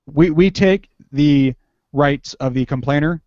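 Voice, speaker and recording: A man's voice: on the high side, unhurried, warm tone, no echo. A young man chatting casually as a podcast guest, rambling and restarting his sentences and laughing often. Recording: dull lo-fi recording.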